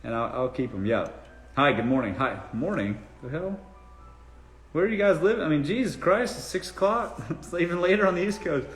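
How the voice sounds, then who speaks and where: A man's voice: on the high side, animated, moderate pace, reverberant. A man from South Carolina with a Southern accent, hosting a casual live-stream Q&A on dating and giving blunt, profane, joking answers. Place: room in his home.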